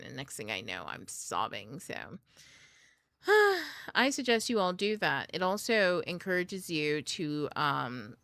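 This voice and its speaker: On her book club livestream, a young woman tells a chatty, casual story packed with fillers and frequent laughter. Her lowish voice sounds pushed and bright, and the recording has no room sound.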